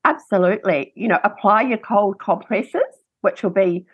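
A woman's voice: medium pitch, moderate pace, husky, no echo, muffled recording. A woman, a breastfeeding expert giving chatty, practical advice and telling anecdotes in an interview. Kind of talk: casual interview chat.

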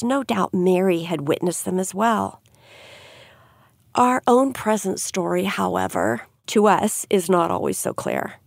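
Gravelly-edged woman teaching scripture. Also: medium pitch, no room sound, clean studio sound. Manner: earnest, gently questioning listeners. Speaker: Bible teacher. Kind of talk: devotional podcast teaching.

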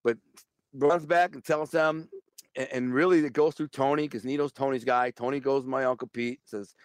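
A man's voice: medium pitch, normal speed, no room sound, clean studio sound. A man telling a blunt, streetwise story as an interview guest. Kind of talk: casual storytelling.

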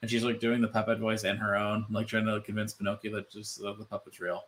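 A man co-hosting a casual podcast chat, animated and loose, full of "like" fillers and swearing. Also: fairly low pitch, quick pace, a little hiss or hum. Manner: animated, swearing, many "like" fillers, mimics voices. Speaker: podcast co-host.

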